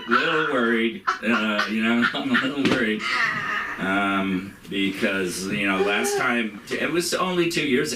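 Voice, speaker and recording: Rambling stand-up man in an echoey club. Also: fairly low pitch. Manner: rambling, halting, laughs at own jokes. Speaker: stand-up comedian. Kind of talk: open-mic stand-up set. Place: comedy club stage. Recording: echoey room, far from the mic, noisy.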